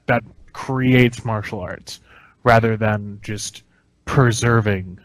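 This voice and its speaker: A man co-hosting a podcast, talking casually and reflectively, pausing and searching for words. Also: on the low side, no room sound, rough recording. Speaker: podcast co-host. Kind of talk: casual conversation.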